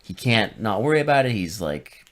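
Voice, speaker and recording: A man co-hosting a podcast in casual chat, animated and finishing his co-host's sentences. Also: lowish voice, a little fast. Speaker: podcast co-host.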